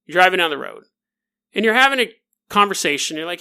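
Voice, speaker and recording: A man's voice: high voice, lively intonation, fast talker, bright, forceful tone, clear, resonant tone. A man hosting a podcast, telling a paranormal story with jokey, laughing asides aimed right at the listener. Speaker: podcast host.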